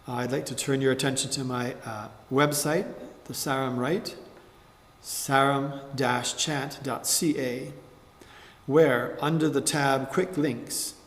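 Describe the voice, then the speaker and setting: A man teaching psalm chanting in a measured spoken tutorial, breaking off now and then to sing short demonstration phrases. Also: mid-range voice. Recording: roomy space with long reverb.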